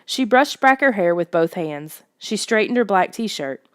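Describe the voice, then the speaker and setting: A woman reading a first-person story aloud in steady, even narration. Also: mid-range voice, unhurried, clean tone, no room sound, studio quality. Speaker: audiobook reader.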